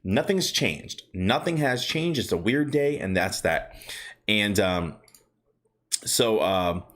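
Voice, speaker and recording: Man, slightly low voice, chatty livestream host, upbeat, rambling, lots of fillers. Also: animated, takes it slowly, fairly bright tone. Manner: chatty, upbeat, greets viewers by name; rambling storytelling with many fillers. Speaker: stock market livestream host. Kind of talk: casual livestream chat.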